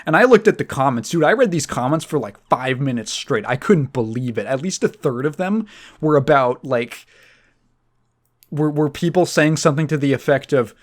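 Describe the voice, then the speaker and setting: A man's voice: medium pitch, animated, normal speed. Rambling, laughing podcast host, a man. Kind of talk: casual chat.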